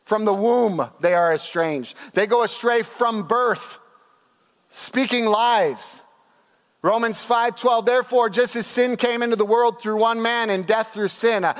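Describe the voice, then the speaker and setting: A young male pastor preaching to his church in a fairly high voice, with long reverb ringing through the hall. He tells stories animatedly and acts out the quotes. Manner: animated storytelling with laughs and acted-out quotes. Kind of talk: sermon.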